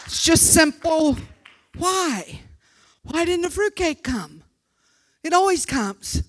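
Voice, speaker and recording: An older woman preaching a sermon, swinging from fervent shouted exhortation to soft, confiding asides, often stumbling over repeated words. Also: very high-pitched, expressive, slow pace, a faint crowd.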